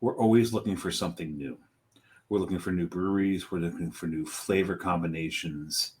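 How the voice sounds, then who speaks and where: A middle-aged man co-hosting a podcast with a low voice. He banters with wisecracks and keeps a relaxed, chatty flow. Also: brisk. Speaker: podcast co-host. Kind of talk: casual chat.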